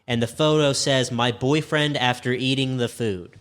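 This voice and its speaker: A man co-hosting a casual comedy podcast, reading reviews aloud in a deadpan way. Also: mid-range voice, moderate pace, clear, resonant tone. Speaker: podcast co-host.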